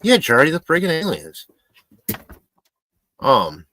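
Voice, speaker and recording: A man's voice: mid-range voice, big pitch swings, normal speed, fairly bright tone. Rambling, joking man live-streaming. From Michigan, USA. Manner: rambling, joking, talks to his pet. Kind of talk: casual live-stream chat reading comments.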